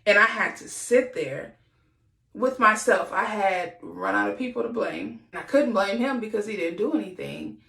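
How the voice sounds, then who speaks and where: A woman podcast host shares a candid, earnest personal reflection in a confessional manner, sometimes acting out what people said. Her mid-range voice, at normal speed, is creaky and a bit bright, and the recording is reverberant.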